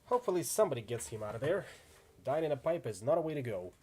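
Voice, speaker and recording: A man's voice: medium pitch, very animated, quick pace, mellow, a little hiss or hum. Wry man reading game messages. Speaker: game let's play narrator.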